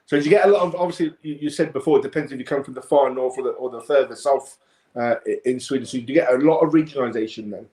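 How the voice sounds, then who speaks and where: A man's voice: mid-range voice, quick pace, mellow. A man hosting a casual chat, rambling with many restarts. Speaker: host. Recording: echoey room.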